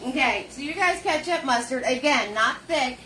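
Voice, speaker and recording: A woman leading a live painting lesson, chatty and warm with viewers, greeting them by name in sing-song hellos. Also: high-pitched, animated, moderate pace, slight background noise. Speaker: painting instructor.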